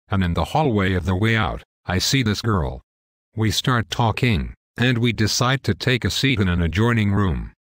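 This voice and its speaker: A man's voice: lowish voice, fairly bright tone, dry recording, studio quality. A young man telling a wild story in a casual, profane, matter-of-fact way. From United States. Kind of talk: casual scripted story narration.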